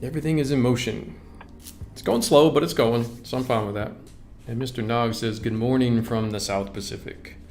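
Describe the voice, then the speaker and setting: A man's voice: medium pitch, fairly even intonation, normal speed, darkish tone, soft background music. A man hosting a live stream, greeting viewers and reading their comments aloud in a casual, upbeat way. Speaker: livestream host.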